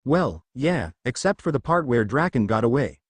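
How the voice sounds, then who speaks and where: A man's voice: mid-range voice, very animated, normal speed, dry recording. A man doing a breezy teenage heroine. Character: teenage girl hero, confident.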